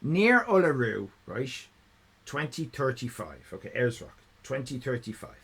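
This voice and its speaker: A man's voice: medium pitch, sing-song, measured pace, a bit bright, slightly rough. A man hosting a live stream in casual chat, rambling, laughing and thanking viewers. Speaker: livestream host.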